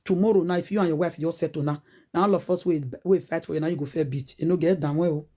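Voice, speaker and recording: A woman's voice: deep voice, fairly even intonation, fast talker, mellow. A Nigerian woman in her forties with a Nigerian Pidgin accent, ranting casually in a preachy, scolding way and firing rhetorical questions. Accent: Nigerian Pidgin English. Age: 40s. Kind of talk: animated casual rant.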